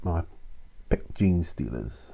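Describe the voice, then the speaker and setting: A man's voice: sits low, lively intonation, slow pace, creaky, warm tone, slightly rough, lo-fi sound. Tired, rambling man. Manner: rambling, self-interrupting, frequent ums and sighs. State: tired, prone to yawning. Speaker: channel host answering viewer questions. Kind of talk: casual solo Q&A video.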